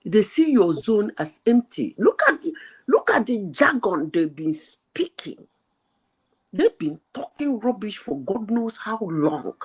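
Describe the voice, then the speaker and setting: A woman's voice: medium pitch, very animated, unhurried, slightly rough. A woman making emphatic, scornful points in a heated political discussion over online call audio. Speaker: panelist.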